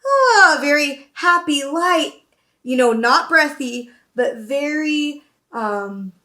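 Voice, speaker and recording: A woman's voice: sits high, slow pace, pushed and bright. A young woman teaching an upbeat virtual voice lesson, explaining terms and checking in with her students. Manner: upbeat, explains then demonstrates, often checks with "okay?".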